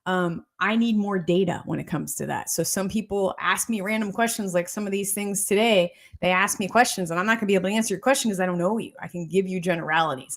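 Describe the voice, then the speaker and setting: A woman's voice: mid-range voice, brisk. A woman doctor giving a casual health talk, repeating points and checking in with her listeners as she explains. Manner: repetitive, keeps checking in with "okay?" and "right?".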